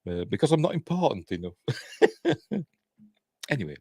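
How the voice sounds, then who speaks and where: A man's voice: fairly low pitch, big pitch swings, normal speed, pauses often, warm tone, slightly rough, no room sound, studio quality. A man with a Yorkshire accent hosting a live news stream, reading headlines and wandering off into chatty, self-deprecating asides with mild swearing. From Yorkshire, England. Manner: rambling and chatty, reads headlines then goes off on asides; self-deprecating, swears mildly, laughs at his own jokes.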